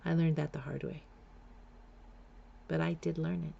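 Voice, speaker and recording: A woman recounts her own past in a candid, confessional way. Her voice sits low and carries a gravelly edge, and the recording sounds dull and lo-fi. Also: little pitch movement, a little slow, dark tone, slight background noise. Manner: frank, confessional, blunt. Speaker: memoir storyteller. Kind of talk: candid personal storytelling.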